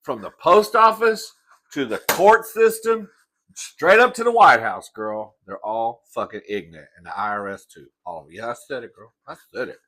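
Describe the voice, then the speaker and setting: A man's voice: mid-range voice, lively intonation, normal speed, pushed and bright. A man hosting his own show, ranting to the camera in a sassy, profane way while eating. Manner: sassy, profane, calls listener "girl". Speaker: host. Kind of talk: comic rant to camera.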